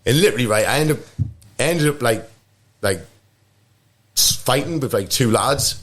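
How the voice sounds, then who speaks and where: A man's voice: mid-range voice, animated, normal speed, fairly bright tone. A man in his thirties with a Geordie accent, rambling through funny stories as a podcast guest and laughing often. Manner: rambling, laughing, lots of "like" and "mate". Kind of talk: casual storytelling. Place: podcast studio. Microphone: studio microphone.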